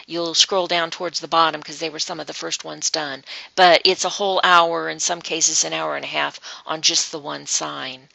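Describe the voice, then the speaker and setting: Gravelly bright-voiced woman presenter. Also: low-pitched, no echo, poor audio. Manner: rambling explanations with many ums and uhs. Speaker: webinar presenter on astrology. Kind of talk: informal teaching talk to an online group.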